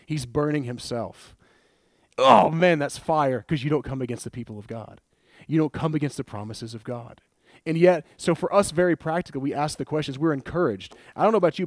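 Guy preaching, chatty and animated, laughs a lot, dry close sound. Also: medium pitch, no echo. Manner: animated, conversational, laughs often, retells scripture with acted quotes. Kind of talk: sermon.

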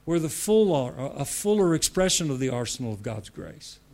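Emphatic male preacher, slightly high voice. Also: sing-song, moderate pace, darkish tone. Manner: repetitive, emphatic, laughs between points. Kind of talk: sermon.

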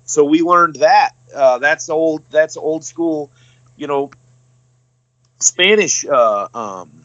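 Podcast dude telling a story, cussing, lots of ums, slightly high voice, dry muffled sound. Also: male voice, fairly bright tone, no echo. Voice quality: profane, halting with fillers. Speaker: podcast co-host. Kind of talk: casual storytelling.

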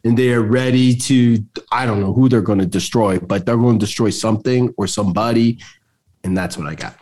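A man's voice: mid-range voice, fairly even intonation, a little fast, darkish tone. A man cracking jokes and teasing his friends in a casual chat about a video. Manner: wisecracking, teasing.

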